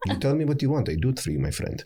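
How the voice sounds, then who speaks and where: A man's voice: mid-range voice, very animated, rapid-fire, a crowd in the background, lightly acted. A man voicing an eager, obliging man with a put-on Middle Eastern accent, ingratiating and playful.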